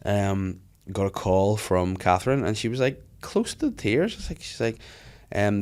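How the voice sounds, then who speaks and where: A man, hosting a casual podcast chat, swearing freely and telling animated stories. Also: on the low side, moderate pace, hardly any pauses, smooth. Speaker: podcast host.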